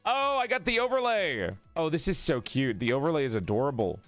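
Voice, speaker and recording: A man's voice: a little high, very animated, brisk, fairly bright tone, no room sound, soft background music. A man chatting casually on a live stream while playing a tabletop game, laughing often and talking to his viewers.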